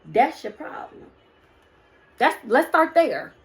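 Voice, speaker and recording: A woman's voice: high voice, very animated, slow pace, a bit bright. A woman doing a casual spiritual card reading, preaching to her viewers and calling them "y'all" and "baby". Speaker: spiritual reader.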